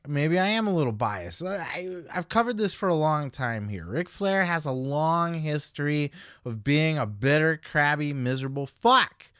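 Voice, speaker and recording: A man's voice: a little high, a bit bright, clean tone, no room sound, studio quality. A man hosting a podcast, giving blunt, profane, opinionated commentary into a podcast microphone. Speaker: podcast host.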